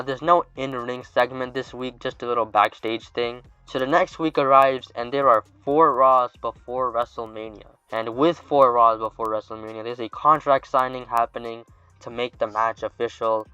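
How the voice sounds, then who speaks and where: A man's voice: medium pitch, sharp tone, clean tone, no room sound. A man narrating a fantasy storyline in a casual scripted way, with offhand asides. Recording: dull lo-fi dry recording.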